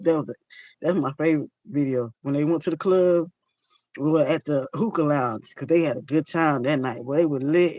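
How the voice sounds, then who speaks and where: A woman's voice: low-pitched, a little mellow, dry recording, poor audio. A woman livestreaming in a loose, chatty way, answering her viewers' comments and talking straight to them. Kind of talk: casual live chat, answering viewers' comments.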